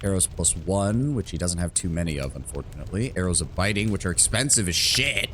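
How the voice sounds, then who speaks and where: A man's voice: deep voice, expressive, a little fast, fairly bright tone, a little hiss or hum. A man streaming a game, talking through it in a rambling, profane, self-mocking way. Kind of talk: live game commentary.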